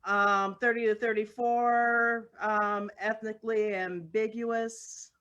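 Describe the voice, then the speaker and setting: A woman playing a casting director in an improv comedy scene, rambling and halting, full of fillers, over a video call. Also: fairly high pitch, flat delivery, fairly bright tone, lo-fi sound.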